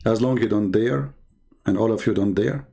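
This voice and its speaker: A man's voice: fairly low pitch, vocal fry, mellow. Sarcastic man hosting an online debate show. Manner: mocking, halting, full of fillers. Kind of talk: sarcastic monologue.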